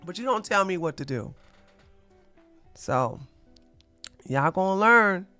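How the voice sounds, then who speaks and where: Streamer commentator, animated, talks back to chat, smooth close voice, faint music behind. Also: medium pitch, slow pace. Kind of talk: live stream drama commentary.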